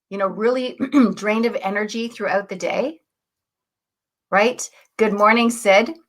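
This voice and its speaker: A woman hosting a live morning show, chatty and upbeat, greeting viewers and often asking "right?". She has a husky morning voice and keeps clearing her throat. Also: fairly high pitch, a bit bright. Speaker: host, coach.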